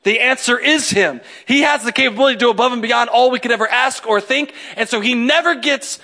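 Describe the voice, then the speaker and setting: Brief: male pastor, bright and high-voiced, who jokes with the congregation during the sermon. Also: fairly quick. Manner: joking, talks straight to the congregation. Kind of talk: humorous conversational sermon.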